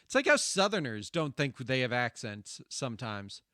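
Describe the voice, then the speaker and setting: A man's voice: medium pitch, sing-song, moderate pace, sharp tone, no room sound, clean studio sound. A man with a Midwestern accent streaming while gaming, chatting casually, swearing freely and laughing often.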